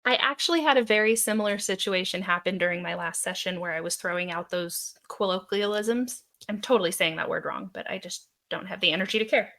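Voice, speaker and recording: A woman's voice: medium pitch, brisk, few pauses, a bit bright. A woman co-hosting a podcast in casual chat, easygoing and laughing along. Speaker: podcast co-host.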